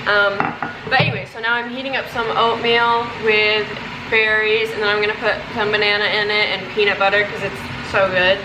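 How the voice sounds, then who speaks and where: A woman's voice: medium pitch, level tone, brisk, background noise. A young woman in her twenties chatting casually to camera at home, rambling and self-deprecating. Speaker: vlogger. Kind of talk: casual vlog chat to camera. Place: home kitchen and bedroom.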